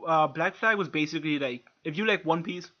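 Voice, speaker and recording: A man's voice: a little high, fairly quick, lo-fi sound. A man co-hosting a podcast in casual chat, rambling and laughing often, swearing freely. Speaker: podcast co-host.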